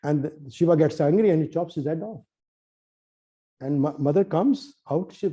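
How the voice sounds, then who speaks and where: Talkative poet guy, slightly high pitch, acts out the voices, kinda muffled recording. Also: normal speed. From Nepal. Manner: lively, acts out quoted dialogue, many restarts. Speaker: poet and translator. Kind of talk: animated storytelling in conversation.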